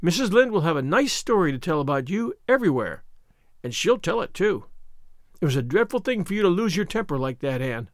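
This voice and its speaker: A man's voice: high-pitched, sing-song, brisk, dry recording. A man voicing a stern, dry-spoken middle-aged spinster woman.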